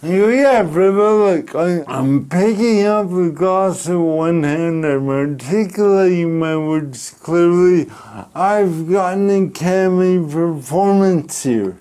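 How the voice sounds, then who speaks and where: A middle-aged man from Canada, telling a personal story in an interview, speaking slowly and deliberately with pauses. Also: a little high, warm tone, clean tone. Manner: slow, deliberate speech with pauses and restarts. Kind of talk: reflective storytelling.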